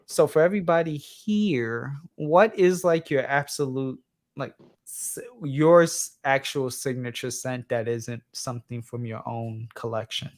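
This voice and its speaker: A man's voice: mid-range voice, measured pace. Rambling New York guy hosting late-night stream. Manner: rambling, many fillers and restarts. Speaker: livestream host. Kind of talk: casual livestream chat.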